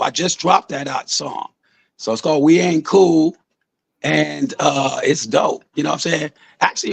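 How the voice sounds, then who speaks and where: A man's voice: on the high side, gravelly, slightly rough. A man, a music artist, talking loosely and at length about his songwriting in a casual interview, swearing often.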